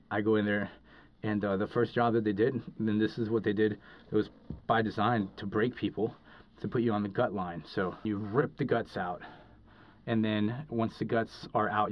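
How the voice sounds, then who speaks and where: Low-ish guy rambling thru a story on a podcast, lots of uh and like, kinda dull lo-fi audio. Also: fairly even intonation, normal speed, slight background noise. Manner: rambling, heavy with fillers and restarts. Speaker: podcast guest. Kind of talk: casual storytelling. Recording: dull lo-fi recording.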